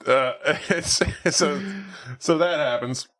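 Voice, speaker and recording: A man's voice: on the high side, slow pace, a bit bright. Rambling casual man recapping a movie. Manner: rambling, filler-heavy, laughs a lot while retelling scenes. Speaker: podcast co-host.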